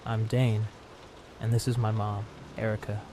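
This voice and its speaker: A man's voice: lowish voice, flat delivery, measured pace, noisy background, close to an everyday voice. A man voicing an earnest, eager young son in a narrated horror story. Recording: clear rain sounds behind voice.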